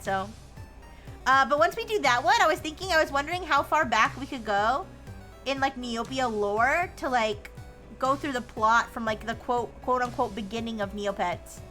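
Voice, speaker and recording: A woman's voice: sits high, sharp tone. A woman streamer chatting casually while she plays, rambling with lots of restarts and fillers and joking in a playful robot persona. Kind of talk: casual chat while gaming.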